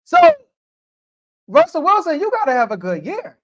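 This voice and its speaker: A man from the United States who hosts a sports podcast. He debates in an animated, casual way, throws out rhetorical questions and speaks directly to the athletes. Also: extremely high pitch, normal speed. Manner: animated, rhetorical, talks straight to the players.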